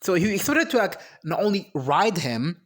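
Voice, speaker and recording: A vlogger giving an animated, exasperated reaction rant, sarcastic and emphatic, breaking into high shrieks. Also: normal speed. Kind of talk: ranting reaction commentary.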